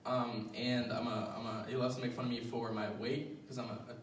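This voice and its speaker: A young man works through his stand-up set, rambling and self-deprecating, leaning on ums and restarts. He sits at an ordinary middle pitch, and the mic catches him from some distance. The small venue adds a roomy echo over a faint background hum. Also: flat delivery, fairly quick. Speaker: stand-up comedian.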